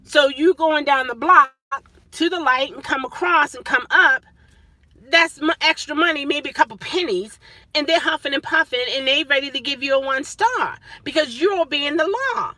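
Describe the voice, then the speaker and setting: A middle-aged woman rideshare driver ranting casually in a vlog, animated and mimicking her passengers. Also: sits high, moderate pace, no room sound.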